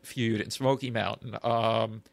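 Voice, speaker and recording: A man co-hosting a podcast in casual chat, thoughtful and halting as he recalls details. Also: fairly low pitch, fairly even intonation, vocal fry, no echo. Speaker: podcast co-host.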